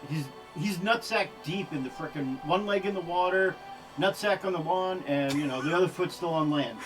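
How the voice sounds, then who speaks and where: A man running a tabletop game as game master, laid-back and quick to laugh and swear. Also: high voice, music in the background, low-quality recording.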